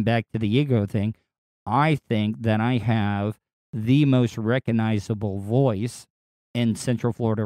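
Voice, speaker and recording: A man hosting his own podcast in a casual solo monologue, with a distinctive voice that is not deep, talking in a rambling, crude, candid way with frequent restarts. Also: mellow, dry recording, clean studio sound. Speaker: podcast host and radio personality.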